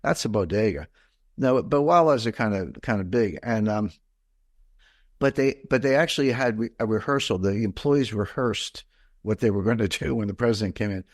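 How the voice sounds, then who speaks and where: Middle-aged guy rambling thru an interview, lots of uhs and restarts, lowish voice. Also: lively intonation, moderate pace, dry recording, studio quality. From mid-Atlantic United States. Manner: rambling, digressive, many fillers and restarts. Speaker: guest. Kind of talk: conversational interview.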